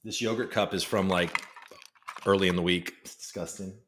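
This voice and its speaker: A man's voice: sits low, fairly even intonation, normal speed, noisy background. Rambling, jokey male livestream host. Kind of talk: casual livestream chat, reading viewer comments.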